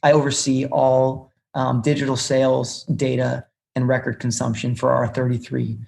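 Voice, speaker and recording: A young man, a music business executive, talking casually as a podcast guest and telling animated stories with lots of fillers and restarts. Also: medium pitch, moderate pace, creaky.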